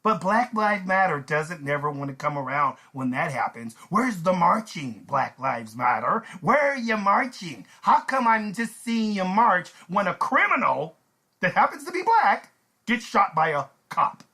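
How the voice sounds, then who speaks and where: Man, vlog host, ranting commentary, high voice, bright sharp tone. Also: measured pace, slightly rough. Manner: animated, ranting, sarcastic. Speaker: channel host.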